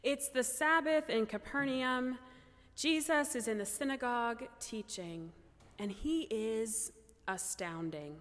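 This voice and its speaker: A woman pastor delivering a sermon in a slow, measured way, with reflective pauses. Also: on the high side, a bit bright. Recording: church hall with long reverb.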